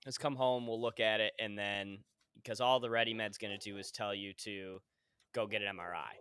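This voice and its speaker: A man's voice: on the low side, fairly even intonation, normal speed, fairly bright tone, smooth, dry recording, studio quality. A young man co-hosting a podcast, telling stories in a laid-back, swear-heavy casual chat. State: injured foot, hobbling. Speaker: podcast co-host.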